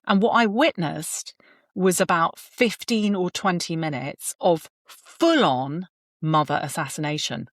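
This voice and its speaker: A woman in her forties, a surgeon and author, is a guest in a conversation sharing candid stories about parenting. Her voice is on the low side and unhurried, and she animatedly acts out the voices she quotes, recorded at studio quality with no echo.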